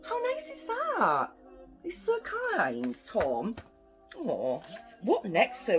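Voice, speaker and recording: A woman's voice: on the high side, wildly swooping pitch, takes it slowly, faint music behind. Playful woman reading a bedtime story. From United Kingdom. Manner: chatty, playful asides to children.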